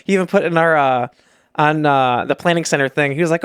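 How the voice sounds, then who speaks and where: A man's voice: fairly high pitch, racing, clear, resonant tone, no room sound. A young man co-hosting a podcast, chatting casually and telling rambling stories with quoted asides, into a close mic. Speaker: podcast co-host. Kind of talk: casual chat.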